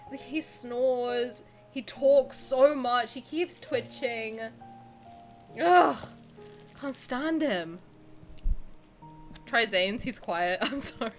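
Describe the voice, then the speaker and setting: A young woman streamer chats casually and candidly as she plays a game, joking and swearing freely. Her voice is fairly high and her pace slow, with faint music in the background.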